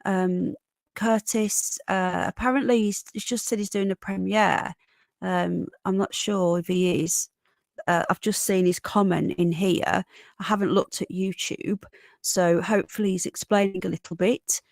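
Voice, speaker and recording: A woman from Birmingham with a Birmingham accent, hosting a casual live stream from her bedroom and greeting viewers warmly with endearments. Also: medium pitch, steady tone, a little slow, vocal fry, no echo. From Birmingham, England. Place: home bedroom.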